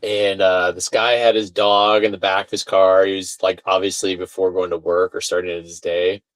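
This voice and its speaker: A man chatting casually on a video call, telling a rant story with swearing and acted-out shouted quotes. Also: low voice, little pitch movement, normal speed, dry recording, low-quality recording. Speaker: podcast guest. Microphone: video call mic, sounds far away.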